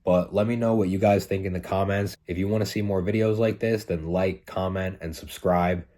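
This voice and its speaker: A man's voice: low-pitched, fairly even intonation, moderate pace, warm tone. A man hosting his own channel, giving a casual spoken breakdown of a fight, talking in a conversational way and often repeating his points.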